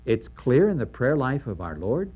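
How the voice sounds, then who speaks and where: Lecturing on the parables of the New Testament at a moderate pace, a man speaks emphatically in a mid-range voice and throws rhetorical questions at his listeners. He brings quoted speech to life in an animated way. The recording quality is low.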